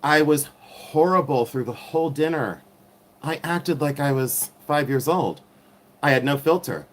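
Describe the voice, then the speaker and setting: This host's voice is on the high side, a bit bright and nasal, and a little slow. A middle-aged man reselling vintage jewelry, he rambles through a casual livestream, mocking himself while reading the chat aloud.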